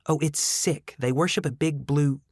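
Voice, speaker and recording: A man voicing a chatty, friendly young woman who talks quickly and breezily. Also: on the high side, fairly even intonation, slightly rough, no room sound, clean studio sound, voice pushed up.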